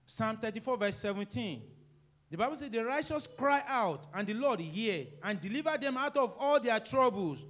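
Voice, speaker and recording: High-voiced preaching man with big swings. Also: lively intonation, normal speed. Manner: preaching with sudden loud emphatic rises and quiet low asides. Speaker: pastor. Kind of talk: sermon.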